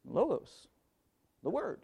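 A man's voice: high voice, very animated, takes it slowly, gravelly, husky, dull audio. A man preaching a sermon, who leans hard on key words, repeats them, and thinks aloud while hunting for verses.

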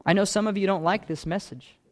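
Male pastor mid-sermon, earnest and repetitive, voice sitting a bit high. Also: steady tone, brisk. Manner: earnest, repetitive phrasing that builds in intensity.

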